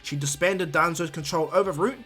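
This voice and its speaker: A man casually retells a fan-made story, rambling and restarting often. His voice sits a little high, and faint music plays under him. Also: brisk, pushed and bright, slightly rough. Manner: rambling, many fillers and restarts.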